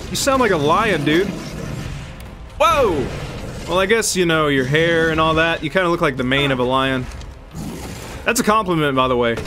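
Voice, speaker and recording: A man giving chatty, excitable let's play commentary, yelping and laughing while he talks to the enemy on screen. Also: fairly high pitch. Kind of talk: live gameplay commentary.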